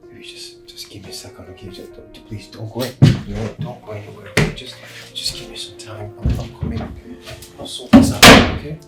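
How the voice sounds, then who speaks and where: An actor with a Nigerian accent playing a broke, desperate young husband who pleads and stammers in a film drama. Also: male voice, on the low side, fairly quick, hardly any pauses, lightly acted. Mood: pleading. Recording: echoey room with music.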